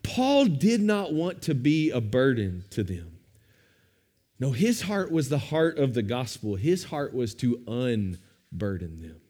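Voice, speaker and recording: A man preaching a sermon as pastor, with expressive rises and drops for emphasis. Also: mid-range voice, takes it slowly.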